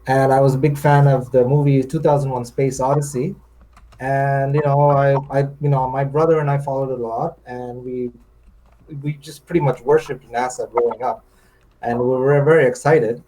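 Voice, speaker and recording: A man's voice: mid-range voice, fairly even intonation, moderate pace, mellow, slight background noise, rough recording. A man in his thirties from India, a guest on a livestream, talking hesitantly with many fillers and easy laughs. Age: 30s. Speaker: debate guest. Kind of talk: casual livestream chat.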